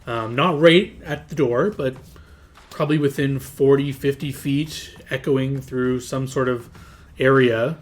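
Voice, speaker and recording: A man's voice: mid-range voice, a little slow. A man running a tabletop game as game master, describing scenes in a rambling way with plenty of filler words.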